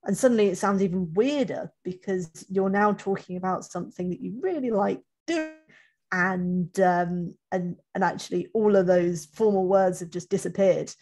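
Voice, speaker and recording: A woman's voice: mid-range voice, moderate pace, darkish tone, soft background music. A woman who coaches children for interviews, talking casually on a webinar and often restarting her sentences. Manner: chatty, self-correcting, many restarts.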